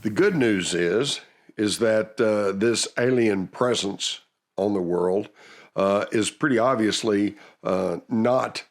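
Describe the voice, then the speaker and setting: Man, documentary interviewee, low and slow, hesitant, distant from the mic.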